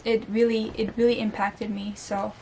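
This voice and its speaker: Woman, book vlogger, casual vlog chat, slightly high voice, gushing, says "like" a lot. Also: level tone, moderate pace, creaky, a little mellow, a little hiss or hum. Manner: chatty, gushing, peppered with "like"; earnest and openly emotional.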